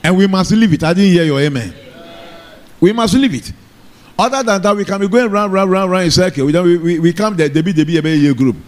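High-voiced preacher. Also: male voice, fairly quick. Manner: call-and-response preaching, asks the congregation for amen. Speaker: pastor. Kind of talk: sermon. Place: church.

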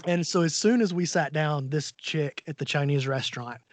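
A man with a Southern American accent from Alabama telling lively stories in casual conversation, laughing often. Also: on the high side, normal speed, no echo. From Alabama, USA. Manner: animated storyteller, laughs often.

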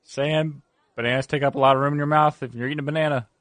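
A man's voice: fairly high pitch, steady tone, a bit bright, no echo. A man co-hosting a casual comedy podcast, goofy and bantering with his partner. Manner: goofy, bantering, quick to laugh. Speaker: podcast co-host.

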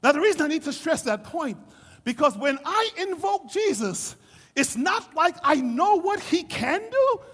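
A man preaching a sermon, moving from calm teaching to shouted, sing-song preaching and acting out voices from scripture. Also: extremely high pitch, a little slow, long reverb tail. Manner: acts out voices of scripture figures.

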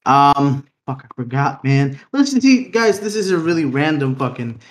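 A man's voice: on the high side, sing-song, moderate pace, reverberant. A young man co-hosting a casual, unplanned podcast, rambling in slang, swearing freely and laughing often. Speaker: podcast co-host.

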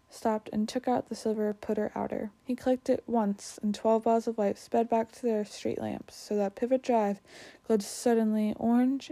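Woman reading a kids book out loud, mellow kinda dark tone, fixes her slips. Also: a little high. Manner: trips on words and corrects herself. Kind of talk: reading a storybook aloud.

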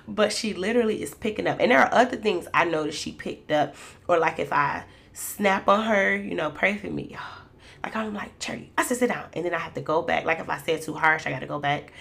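Chatty woman with a gravelly voice. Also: medium pitch, fairly quick, a bit bright. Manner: chatty and candid, addresses listeners as "y'all". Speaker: mother sharing reflections. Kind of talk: casual faith-based talk.

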